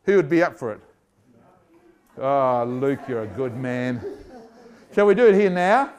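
A man preaching a lively sermon, joking and acting out voices and scenes for the congregation. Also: on the high side, a little fast. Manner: animated, jokey, acts out voices.

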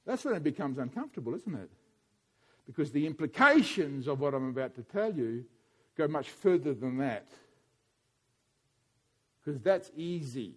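A man preaching a sermon in a church, animated and playful, often putting questions to the congregation. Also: sits high, normal speed, slightly rough.

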